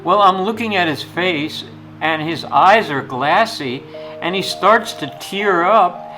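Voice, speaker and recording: An older man, a retired jewelry teacher, tells rambling stories in a blunt, opinionated way. His voice sits a bit high for a man. Soft guitar music plays underneath him. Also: slow, poor audio. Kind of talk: anecdotal storytelling.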